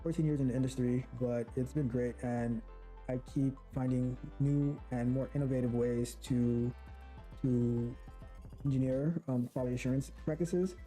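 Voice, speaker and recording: A man gives a recorded self-introduction about his working life. He speaks hesitantly and pauses often. His voice sits at an ordinary middle pitch, with faint music behind him. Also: steady tone, dark tone. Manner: hesitant, with many pauses and fillers. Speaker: quality assurance engineer.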